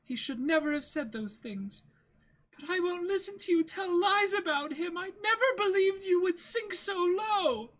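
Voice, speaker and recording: A man voicing a frail, gentle young woman, pleading and tearful in a breathy falsetto, in a dramatic comic reading. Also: expressive, moderate pace. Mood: hurt, reproachful.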